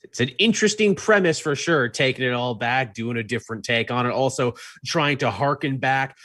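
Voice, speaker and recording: A man co-hosting a casual chat about comics, wry and quick to act out quoted lines for a joke. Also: mid-range voice, fairly bright tone, no room sound, studio quality. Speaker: comics podcast co-host.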